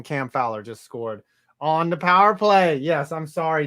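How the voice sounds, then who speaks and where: A man with a fairly high, slightly bright voice and lively intonation talks at normal speed. He co-hosts a sports podcast, reading listener messages and chatting loosely, full of jokey asides and swearing.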